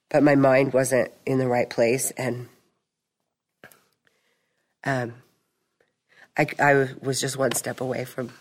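Chatty middle-aged woman telling a story. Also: rumbling low. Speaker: support group member. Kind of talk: testimony at a recovery meeting.

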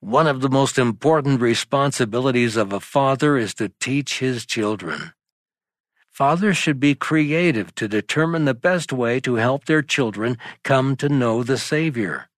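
A man reading scripted narration for a church lesson video in a steady, earnest way. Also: mid-range voice, measured pace, no echo.

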